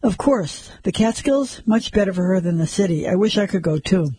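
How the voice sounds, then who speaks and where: A gossipy super's wife catches a neighbor on the stairs with friendly, probing small talk, as a man reads her lines. The voice sits high and a little husky. The sound is dry and close. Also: expressive, moderate pace, a little mellow, no room sound, exaggerated voice. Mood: chatty. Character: chatty nosy woman, building super's wife.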